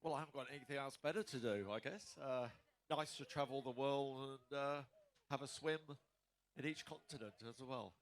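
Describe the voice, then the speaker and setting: A man interviewed right after a long swim, tired and speaking in a modest, halting way. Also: medium pitch. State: tired, mouth full of salt. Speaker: interviewed swimmer.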